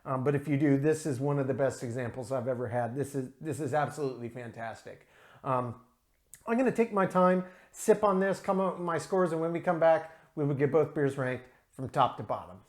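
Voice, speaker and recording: A man's voice: mid-range voice, a little fast. Male beer reviewer, enthusiastic, talks through tasting notes with plenty of ums. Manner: enthusiastic, descriptive, frequent um and uh. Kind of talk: casual solo review.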